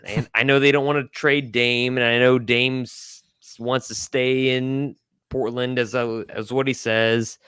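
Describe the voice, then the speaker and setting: A man's voice: mid-range voice, level tone, unhurried, pushed and bright, clean tone, no echo, clean studio sound. A man co-hosting a casual sports podcast, giving blunt opinions and often restarting his sentences. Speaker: podcast co-host.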